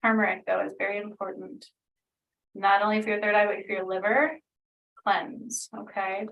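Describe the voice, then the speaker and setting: Gravelly-voiced woman giving an energy reading. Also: medium pitch, fairly even intonation, normal speed, distant mic, lo-fi sound. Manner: meandering, filler-heavy, earnest. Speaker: spiritual healer channeling energy. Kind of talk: casual spoken energy reading.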